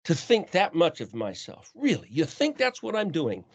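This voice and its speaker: A man's voice: on the high side, huge pitch swings, normal speed, creaky, husky. A man teaching scripture in an earnest way, asking many rhetorical questions. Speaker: teacher of a scripture study call. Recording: dull lo-fi sound.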